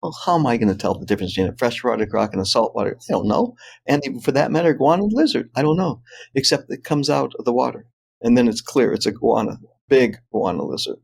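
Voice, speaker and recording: An older man, a guest on an interview show, tells a personal anecdote in an animated way and laughs often as he goes. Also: mid-range voice, quick pace, gravelly. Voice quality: animated, laughs often while telling stories. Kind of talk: anecdotal storytelling.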